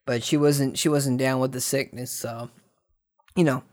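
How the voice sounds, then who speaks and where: Excitable man telling a story on a podcast. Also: mid-range voice, a little slow. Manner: animated, repeats words, swings from hushed to excited. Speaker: podcast host. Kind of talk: casual storytelling monologue. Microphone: desk microphone.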